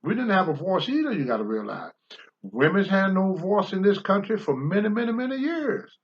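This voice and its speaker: A man's voice: sits high, big pitch swings, brisk, highs cut off. An older man hosting a talk show, answering viewer questions in a blunt, preachy monologue and swearing freely.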